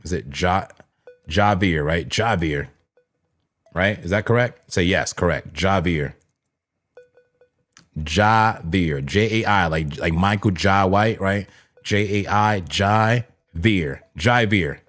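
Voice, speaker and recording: A man's voice: deep voice, slow, pauses often, a bit bright, faint music behind. A man hosting a crypto trading livestream, chatting loosely with his viewers and rambling with plenty of "like" and "man.". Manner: talks straight to chat viewers. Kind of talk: casual live trading commentary.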